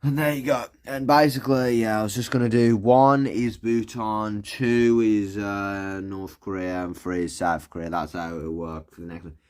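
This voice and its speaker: A man's voice: on the low side, fairly even intonation, moderate pace, hardly any pauses, a little mellow, clear, resonant tone. A man giving casual, rambling commentary while playing a video game, swearing and thinking aloud. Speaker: gaming video creator.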